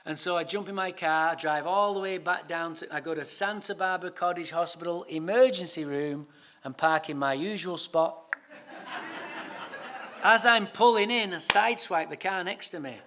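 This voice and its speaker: An English man speaking at a recovery meeting, telling his own story in a lively, comic way and swearing freely. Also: high-pitched, moderate pace. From England. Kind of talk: storytelling talk.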